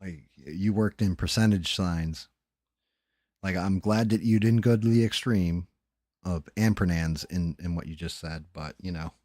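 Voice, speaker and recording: A man's voice: sits low, measured pace, darkish tone, dry recording, clean studio sound. A man hosting a casual late-night livestream, tired and rambling, with loose, profane talk. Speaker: livestream host.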